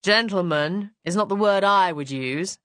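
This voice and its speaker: A woman's voice: medium pitch, a little slow, a bit bright, no echo, lightly acted. A woman reading as a languid husband, dry and teasing, unruffled, close dry sound, storybook.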